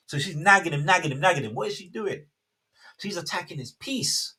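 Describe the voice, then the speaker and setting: A man's voice: a little high, lively intonation, brisk, sharp tone, husky. A man, hosting a casual faith talk and rambling with many self-interruptions. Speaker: host.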